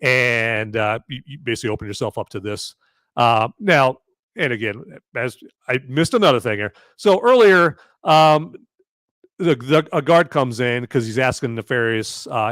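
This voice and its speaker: A man's voice: medium pitch, normal speed, fairly bright tone, dry recording. Rambling man recapping a film. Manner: rambling, filler-heavy, keeps asking "okay?". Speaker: podcast host reviewing a film live. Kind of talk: casual live-stream recap.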